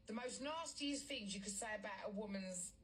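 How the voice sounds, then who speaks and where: A woman spins a story with blunt, profane energy, acting out each line of dialogue. Her voice sits at an ordinary pitch for a woman. It is picked up from a distance, over faint background noise. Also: moderate pace. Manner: blunt, heavy swearing, acts out quoted dialogue. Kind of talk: casual storytime chat.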